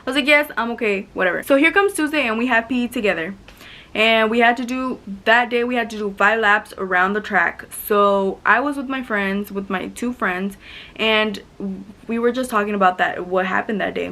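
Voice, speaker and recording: A woman's voice: on the high side, moderate pace. A teenage girl telling a story to camera in a casual storytime vlog, acting out quotes with many fillers. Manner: animated retelling, acts out quotes, many "like" fillers. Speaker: vlogger.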